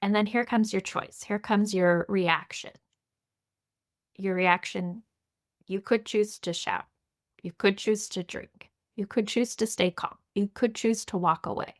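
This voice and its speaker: A woman with a medium-pitched, fairly even voice teaches a mindfulness class in a recorded lecture, speaking a little slowly. She's conversational, asks her listeners many guiding questions, and often says "you know" and "right".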